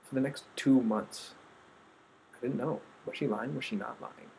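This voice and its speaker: A man earnestly telling a personal story, acting out quotes and trailing off into soft asides. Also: medium pitch, normal speed, creaky, slight background noise, rough recording. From United States. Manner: earnest, quoting others with shifts of voice, trailing off softly.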